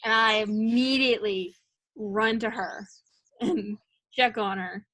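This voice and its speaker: Young woman, interview guest, lively storytelling, dry close sound. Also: mid-range voice, slow, no room sound. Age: young adult. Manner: animated storytelling, acts out quoted lines. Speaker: guest, college soccer player. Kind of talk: casual interview chat.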